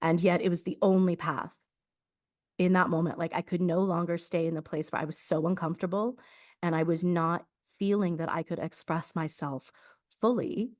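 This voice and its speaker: A woman's voice: fairly low pitch, fairly even intonation, normal speed. Reflective woman, laughing often. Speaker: podcast host. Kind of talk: casual spiritual conversation.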